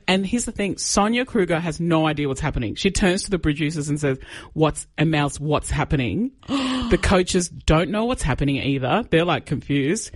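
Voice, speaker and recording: Excitable woman radio co-host. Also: deep voice, moderate pace, few pauses, husky, no room sound. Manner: excitable storyteller, gushing, giggly. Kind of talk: casual radio chat.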